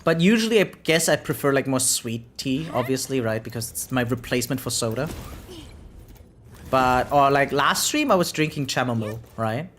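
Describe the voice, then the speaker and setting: Gaming on a live stream, a German man chats casually with viewers in German-accented English, rambling and frequently tagging on "right?". His medium-pitched voice is expressive and a bit bright, at a moderate pace, with slight background noise.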